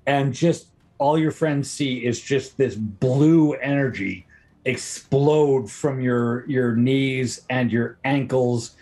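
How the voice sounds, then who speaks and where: A man's voice: mid-range voice, slow pace, darkish tone. A man running a tabletop game as game master, narrating the action and patiently explaining the rules.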